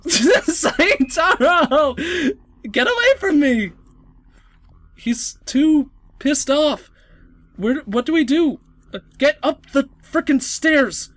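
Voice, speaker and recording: Excitable woman narrating a game, drawn-out delivery. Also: mid-range voice. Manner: excitable, yelps and gasps, swears, frequent stammering. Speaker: let's play host. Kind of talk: let's play commentary with read-out game dialogue.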